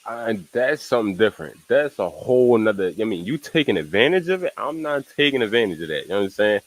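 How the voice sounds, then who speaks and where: A man's voice: fairly low pitch, big pitch swings, quick pace, low-quality recording. A young man streaming casual reaction commentary, rambling in slang, repeating "you know what I'm saying" and laughing at asides.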